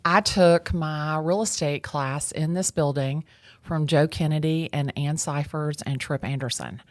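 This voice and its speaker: A woman, telling her career story as an interview guest in a lively, bubbly way, acting out what people said. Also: deep voice, measured pace, no room sound. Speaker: real estate agent, guest. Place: real estate association office.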